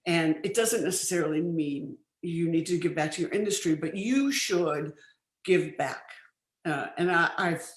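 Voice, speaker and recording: An older woman, a film producer, chatting as an interview guest, telling lively stories with many restarts. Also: lowish voice. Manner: lively anecdotal storytelling, frequent laughs and restarts. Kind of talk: casual interview chat. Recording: roomy studio sound.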